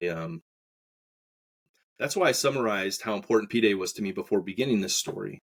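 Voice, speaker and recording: A man's voice: fairly low pitch, expressive, moderate pace, husky. A man hosting a podcast, telling a personal story in a casual, rambling way with many fillers and acted-out quotes. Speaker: podcast host.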